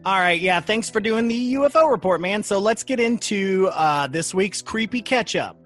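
A man hosting a paranormal podcast in casual chat, animated and laughing often. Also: high voice, normal speed, faint music behind. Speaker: podcast host.

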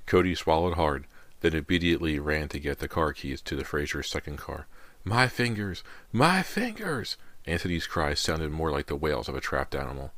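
A man's voice: a bass voice, fairly quick, dry recording. A man narrating a horror novel as an audiobook reader. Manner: steady storytelling read. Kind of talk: scripted narration.

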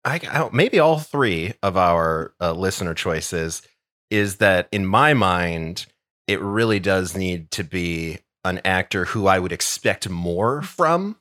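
A man co-hosting a podcast, making measured points in casual chat with quiet laughs. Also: deep voice, lively intonation, no room sound, clean studio sound. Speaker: podcast co-host.

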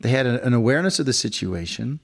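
A man's voice: medium pitch, expressive, quick pace, gravelly. A middle-aged man co-hosting a podcast, telling a long story in a rambling casual way and acting out the people in it. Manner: rambling storyteller, acts out quoted voices. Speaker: podcast co-host. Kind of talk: casual chat.

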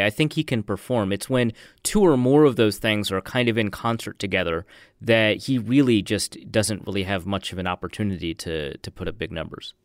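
A man talking as a guest analyst on a sports show, measured and analytical, hedging his points. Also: fairly low pitch, dry recording, clean studio sound.

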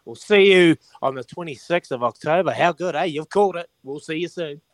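Easygoing New Zealand radio host. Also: male voice, a little high, brisk, no room sound. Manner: easygoing, matey, repeats himself. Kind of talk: casual radio chat.

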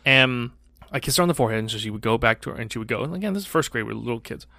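A man in his forties, a podcast co-host telling a story in casual chat, animated, swearing freely and acting out voices. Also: mid-range voice, rapid-fire, gravelly, no echo, studio quality.

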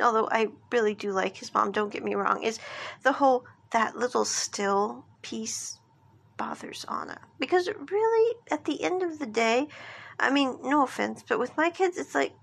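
A woman's voice: on the high side, expressive, normal speed, gravelly, a bit bright. A woman casually recapping a drama, chatty and rambling, often stepping back to give her own opinion. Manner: chatty, rambling, self-referring in third person. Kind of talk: casual chat.

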